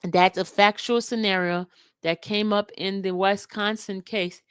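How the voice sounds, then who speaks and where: Woman host, allergy-stuffed, slow deliberate transcript read, dry mic. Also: medium pitch, steady tone, clean tone, no echo. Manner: slow, deliberate reading with asides. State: coughing and sniffly from allergies. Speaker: YouTube host reading a court transcript. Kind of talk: reading a transcript aloud.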